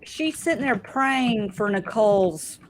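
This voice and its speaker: Lively, blunt woman co-host. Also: fairly high pitch, measured pace, slight background noise. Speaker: podcast co-host. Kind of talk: casual chat.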